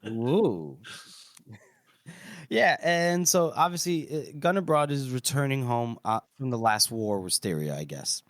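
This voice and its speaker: A man co-hosts a casual book discussion, retelling the plot step by step and pausing often on "uh". His voice sounds dry and close, with no room around it. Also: medium pitch, fairly bright tone, no echo. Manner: recaps the plot, hesitant with many "uh"s. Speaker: podcast co-host.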